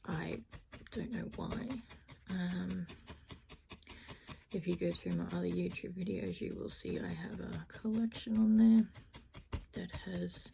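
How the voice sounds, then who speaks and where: A woman talks through a craft demonstration in a relaxed, chatty way, poking fun at herself. Her voice sits low and unhurried, with a deeply gravelly fry. She often slips into a soft half-whisper, and a faint hiss sits under the recording. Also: rough recording. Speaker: crafter demonstrating needle felting. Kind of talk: casual step-by-step craft tutorial.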